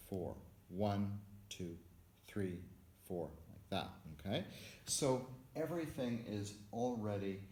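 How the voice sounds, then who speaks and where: A man's voice: on the low side, darkish tone. A man teaching music theory in a recorded lecture, explaining methodically step by step as he writes out notation. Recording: echoey room with faint background noise.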